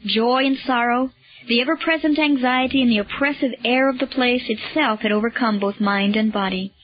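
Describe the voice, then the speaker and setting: A woman reading a story aloud in a measured, solemn tone. Her voice sits fairly high. The recording sounds dull and lo-fi. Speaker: audiobook narrator. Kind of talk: scripted storybook narration.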